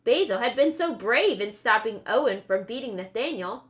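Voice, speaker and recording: A woman narrating a novel for an audiobook in a steady, clear reading voice. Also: on the high side, normal speed. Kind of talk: scripted storybook narration.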